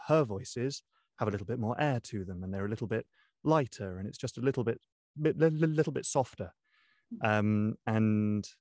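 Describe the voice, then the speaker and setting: Low-voiced young man, dry close sound. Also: no echo. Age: young adult. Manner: thoughtful, many ums and restarts. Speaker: audiobook narrator. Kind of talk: interview guest, casual talk.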